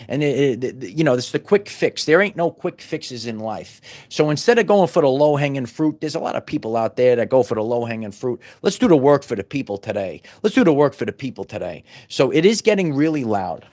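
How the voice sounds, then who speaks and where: A man's voice: mid-range voice, darkish tone. Rambling, preachy middle-aged man. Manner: repetitive, stumbling restarts, preachy. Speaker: channel host. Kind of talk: off-the-cuff motivational monologue.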